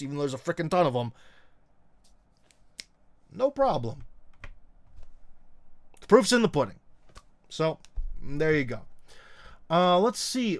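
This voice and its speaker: A middle-aged man hosting a livestream, talking bluntly and sarcastically with lots of fillers and restarts as he reads comments. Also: on the high side. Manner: blunt and sarcastic, frequent fillers and restarts, mocking put-on voices. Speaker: live stream host. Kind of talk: casual opinion livestream reading comments.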